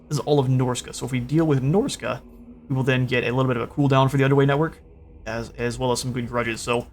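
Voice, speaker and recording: A man casually commentating his own strategy game session, thinking aloud with frequent fillers and restarts. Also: mid-range voice. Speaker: gaming channel host.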